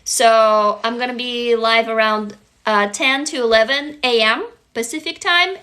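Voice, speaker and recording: A woman from Russia, hosting a casual livestream chat, gushing and excitable, swearing freely. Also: high voice. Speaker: livestream host.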